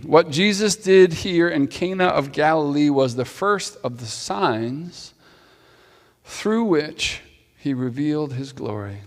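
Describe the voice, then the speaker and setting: A man preaching a sermon as pastor, talking in a conversational way with playful asides to the congregation. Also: a little high. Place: church sanctuary. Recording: long hall reverb.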